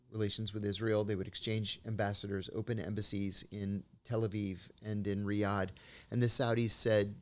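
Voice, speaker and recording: A middle-aged man, a former intelligence officer, telling measured anecdotes as an interview guest. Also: lowish voice. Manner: measured anecdotal storytelling, acts out quoted dialogue. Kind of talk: storytelling in an interview.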